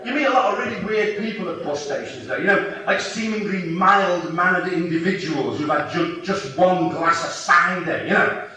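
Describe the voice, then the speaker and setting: A man's voice: sits high, normal speed, sharp tone, heavy reverb. A man doing brash, absurd live stand-up comedy, mocking the crowd. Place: theatre stage with audience. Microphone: cassette recorder in the audience. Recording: distant, noisy 1991 cassette recording.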